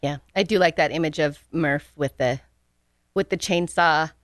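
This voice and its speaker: A woman's voice: low-pitched, moderate pace, no room sound, studio quality. Amused, chatty female podcast co-host. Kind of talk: casual book discussion.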